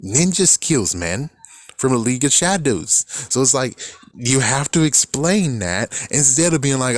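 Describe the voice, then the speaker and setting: A man's voice: mid-range voice, measured pace, no echo, studio quality. A man ranting casually about movies, profane and exasperated, often acting out what other people say. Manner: profane, exasperated and animated, acts out quotes. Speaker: movie commentary vlogger.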